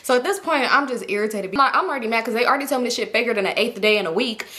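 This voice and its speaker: A young woman telling a personal story to camera in a casual, slangy, animated way, often laughing. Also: fairly high pitch, racing. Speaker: storytime vlogger.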